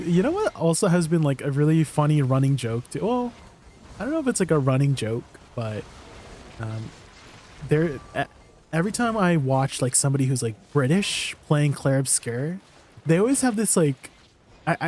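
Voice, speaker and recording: A man's voice: medium pitch, darkish tone, a little hiss or hum. A man chatting casually with his stream viewers, rambling and laughing often. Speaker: livestreamer.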